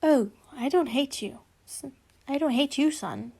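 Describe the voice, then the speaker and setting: Woman reading as a stern male professor father, high voice, unhurried, casual fan read. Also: vocal fry, warm tone.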